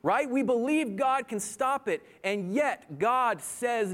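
A man's voice: very high-pitched, animated, slow, few pauses, a bit bright. A man preaching a sermon in an earnest manner, telling a personal story and building to impassioned appeals. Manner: earnest, rising to impassioned pleading. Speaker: pastor.

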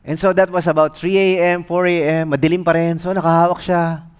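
A man with a Filipino accent preaching a sermon as pastor, telling stories in an animated, humorous way. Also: fairly high pitch, moderate pace, clean tone. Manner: animated, humorous storytelling mixing English and Tagalog.

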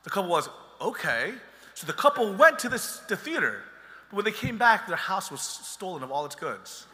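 Bright-voiced pastor preaching in a hall. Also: male voice, high voice, big pitch swings, moderate pace. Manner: conversational, joking with the congregation. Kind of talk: sermon.

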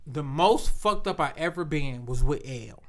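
A man telling loud, profane party stories in a casual group chat, often laughing. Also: fairly high pitch, animated, a little slow.

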